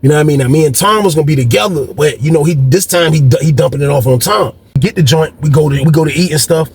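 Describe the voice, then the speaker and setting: A man's voice: on the high side, fast talker, a little mellow, a little hiss or hum. A man casually telling a story from his past in slangy, profane talk, repeating himself often.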